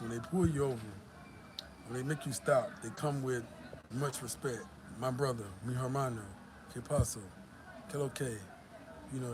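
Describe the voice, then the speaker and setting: Tired, profane man vlogging outdoors. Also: mid-range voice. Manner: loose, profane, storytelling. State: tired after the gym. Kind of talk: casual vlog talk. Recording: loud traffic and street noise.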